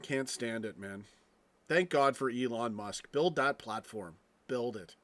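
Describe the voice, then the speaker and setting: A man's voice: medium pitch, unhurried, a bit bright. A man hosting a casual live stream, ranting with frequent swearing and restarts, tossing asides to his viewers. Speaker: fan channel live streamer.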